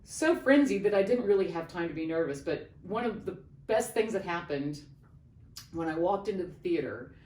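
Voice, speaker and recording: A middle-aged woman, an opera singer, telling an animated backstage story in a casual interview and acting out the voices of the people in it. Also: on the low side, normal speed. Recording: roomy, distant mic, faint background noise.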